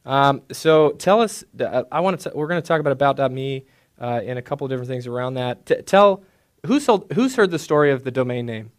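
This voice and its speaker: A man interviewing a guest on stage in a relaxed, chatty way. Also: mid-range voice, fast. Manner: relaxed, chatty, with small restarts.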